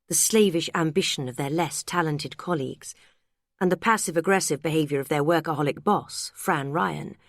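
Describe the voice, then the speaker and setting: Woman narrator, audiobook, low voice, measured, dry close studio sound. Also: no echo. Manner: even, measured storytelling. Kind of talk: scripted narration.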